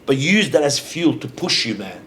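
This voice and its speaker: A man's voice: medium pitch, sing-song, moderate pace, a bit bright, a little hiss or hum. A middle-aged man hosting a podcast, talking casually and emphatically, often repeating his agreement. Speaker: podcast host. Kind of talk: casual interview chat.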